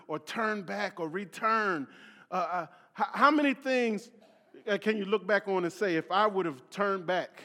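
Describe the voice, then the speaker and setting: A man's voice: high voice, fairly bright tone. A male preacher from Philadelphia reading scripture and explaining it, often stumbling over and repeating his words. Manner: repeats words, restarts often, many fillers, reads scripture aloud. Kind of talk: sermon. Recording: long hall reverb.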